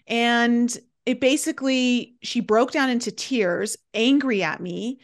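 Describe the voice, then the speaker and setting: A woman in her thirties hosting a podcast, telling a personal story in an animated way and laughing often. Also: a little high, unhurried. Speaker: podcast host. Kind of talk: casual chat.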